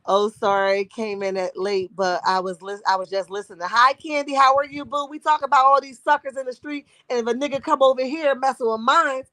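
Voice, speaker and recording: Sassy high-voiced woman gossiping to her chat. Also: fairly even intonation, fairly quick, hardly any pauses, sharp tone, no echo. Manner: sassy, calls viewers honey and boo. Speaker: live-stream host. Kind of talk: casual live-stream gossip chat.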